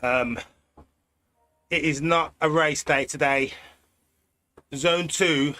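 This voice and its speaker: A man from Britain with a British accent, chatting in a relaxed way while hosting a cycling live stream from an indoor trainer at home. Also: a little high. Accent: British English. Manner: relaxed, chatty, thinking aloud with pauses. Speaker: cycling livestream host. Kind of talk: casual live-stream chat while riding.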